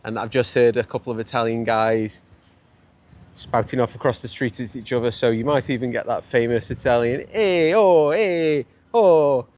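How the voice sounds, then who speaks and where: A man's voice: medium pitch, flat delivery, brisk. A man with a Stoke-on-Trent accent, chatting and joking on a casual travel vlog. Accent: Stoke-on-Trent English. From England. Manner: chatty and jokey, laughs often. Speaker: vlogger. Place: outdoors on city streets.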